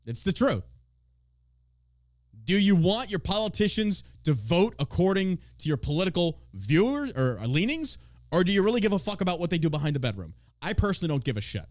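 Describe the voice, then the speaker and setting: Animated, swearing man ranting on a podcast. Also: high-pitched, fairly quick, no room sound. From Texas. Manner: mocking, animated, swears freely. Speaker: podcast host. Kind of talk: profane political rant.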